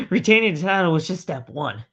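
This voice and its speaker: A man co-hosting a podcast, retelling a wrestling match in an animated play-by-play way. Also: high-pitched, moderate pace, slightly rough. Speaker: podcast co-host. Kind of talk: casual wrestling recap. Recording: dull lo-fi podcast audio.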